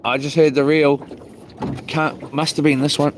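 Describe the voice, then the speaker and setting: Outdoors by the water, this man's fairly high voice stays level at a moderate pace over slight background noise. He's a fishing vlogger chatting casually on a live stream, using slang and chuckling at his own jokes.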